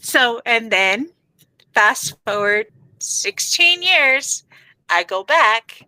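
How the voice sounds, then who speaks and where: A woman's voice: fairly high pitch, expressive, extremely slow, bright, forceful tone, no room sound, poor audio. A woman co-hosting a podcast, telling a story in casual chat with frequent laughs. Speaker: podcast co-host.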